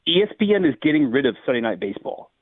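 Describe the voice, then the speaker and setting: A man's voice: mid-range voice, sing-song, very fast, dry recording. A man from St. Louis co-hosting sports talk radio, musing through his analysis with hedges. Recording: tinny phone-like line.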